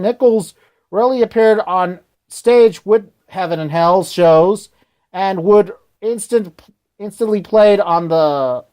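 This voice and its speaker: A man's voice: high voice, darkish tone. A man hosting a radio show, talking casually in a rambling, hesitant way and often correcting himself.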